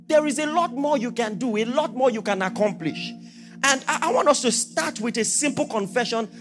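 A man preaching a sermon as pastor, asking rhetorical questions and swinging from quiet talk to shouted declarations. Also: extremely high pitch, lively intonation, moderate pace, soft background music.

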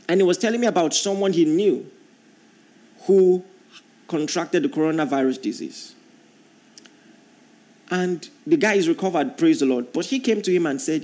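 A man preaching with a notably high voice. He reads scripture aloud and repeats key lines for emphasis. He often climbs into drawn-out, emphatic passages. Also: a little mellow. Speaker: pastor. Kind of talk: sermon.

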